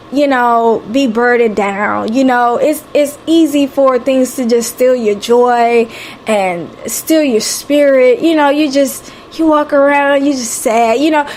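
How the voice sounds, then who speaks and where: This is a woman with a Southern American accent and a high voice. She speaks in a live motivational talk, sounding encouraging and preacher-like. She repeats her key phrases and calls listeners honey and sweetie. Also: a little hiss or hum. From Southern United States. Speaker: radio host. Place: home, live stream.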